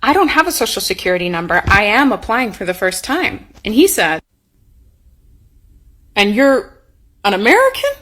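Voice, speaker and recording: A woman's voice: mid-range voice, very animated, brisk, few pauses, fairly bright tone. Canadian woman telling a wry story. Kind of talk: casual anecdote to camera.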